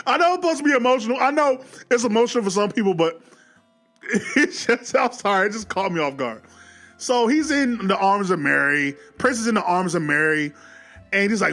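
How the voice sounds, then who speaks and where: A man casually recapping a movie, animated, often acting out the characters' lines. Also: sits high, normal speed, soft background music. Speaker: movie reviewer.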